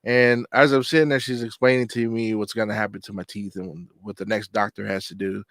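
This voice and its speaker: A man's voice: lowish voice, fairly even intonation, fairly quick, fairly bright tone, dry recording. A man hosting his own channel, talking in a loose, rambling, conversational way to people joining a live chat. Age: adult. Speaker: channel host. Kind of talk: casual livestream chat.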